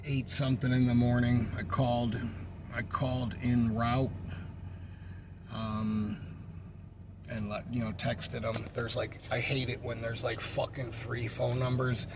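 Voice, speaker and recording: A man's voice: medium pitch, completely flat delivery, measured pace, background noise. A man who works in pest control, telling a work story in a casual, profane, exasperated way.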